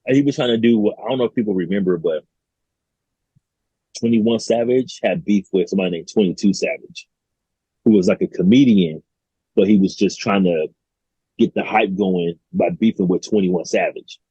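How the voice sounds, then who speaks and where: A young man with a very deep, husky, mellow voice talks in a laid-back, slangy way. The recording sounds dry and a little dull. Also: moderate pace, dry recording. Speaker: podcast guest. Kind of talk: casual chat.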